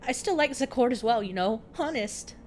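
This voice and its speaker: A woman's voice: on the high side, lively intonation, normal speed, slight background noise, natural voice. A woman reading a young female game character's lines aloud, swooning over a love letter. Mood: dreamy.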